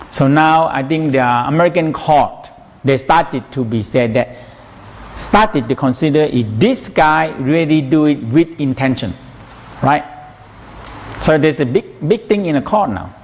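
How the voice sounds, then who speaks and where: A man's voice: a little high, darkish tone. A man teaching a massage workshop in broken English, often asking "you know?".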